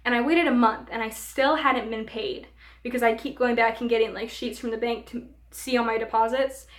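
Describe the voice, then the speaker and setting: A young woman vlogger tells a storytime in an animated way, with plenty of fillers. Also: on the high side, moderate pace. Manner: animated, filler-heavy retelling. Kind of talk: storytime vlog. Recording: roomy room echo.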